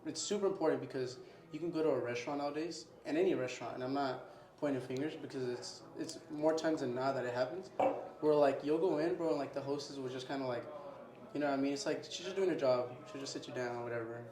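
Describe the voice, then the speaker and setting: A young man who owns a restaurant chats casually in an interview at his place, his medium-pitched voice moving fast with a roomy sound. He keeps saying "bro" and acts out little scenes with his customers.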